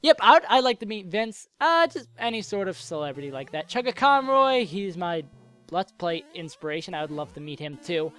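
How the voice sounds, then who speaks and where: A man's voice: high-pitched, big pitch swings, brisk, fairly bright tone, no room sound, soft background music. A young man answering viewer questions in a casual, joking, rambling way while playing a game, coming down with a cold and a sore throat. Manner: rambling, joking, self-interrupting.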